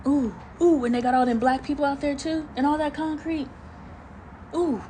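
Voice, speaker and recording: A woman's voice: high voice, normal speed, warm tone, a little hiss or hum, low-quality recording. A woman hosting a casual livestream chat, talking in a slangy, emphatic way with preachy asides and greeting viewers. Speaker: livestream host.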